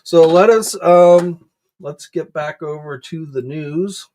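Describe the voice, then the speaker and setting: A man hosting a casual livestream, chatting in a relaxed way with plenty of "um"s and "uh"s and greeting viewers by name. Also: a little high, takes it slowly, slight background noise. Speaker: host of an action figure news livestream. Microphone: desk microphone.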